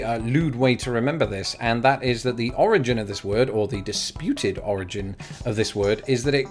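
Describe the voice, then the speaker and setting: English guy rambling in a vlog, dry self-mocking jokes, mid pitched voice. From England. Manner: wry, self-deprecating asides. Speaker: YouTube host. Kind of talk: casual vlog monologue.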